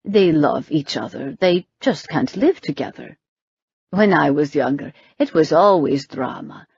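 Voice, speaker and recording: Woman narrator as a low, unhurried, deadpan young man. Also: gravelly, breathy edge, no echo, lo-fi sound, exaggerated voice. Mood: dry. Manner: dry, matter-of-fact. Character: weary young adult man, calm and dry.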